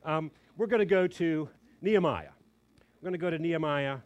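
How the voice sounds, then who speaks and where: A man's voice: fairly high pitch, fairly quick, muffled recording. An older man preaching a sermon, telling a family story in an earnest, conversational way. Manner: earnest, conversational, quoting others in lively asides.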